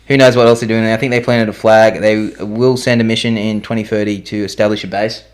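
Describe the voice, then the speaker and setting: A man's voice: fairly low pitch, flat delivery, fast talker. A man co-hosting a podcast, reading out odd news in a dry, teasing way with hesitant fillers. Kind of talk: casual chat.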